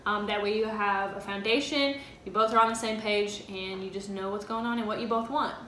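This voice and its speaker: A woman's voice: mid-range voice, fairly even intonation, fairly quick, pushed and bright. A woman co-hosting a faith-based couple's vlog, talking earnestly and chattily with frequent fillers. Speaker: co-host of a couple's channel. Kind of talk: casual faith-based advice chat. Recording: roomy echo, faint background noise.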